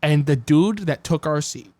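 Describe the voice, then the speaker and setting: A man chatting on his stream, telling a story in an animated, swearing rush. His voice sits a little high, and the sound is dry and close. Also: normal speed, no room sound. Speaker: streamer host. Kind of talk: casual chat on stream.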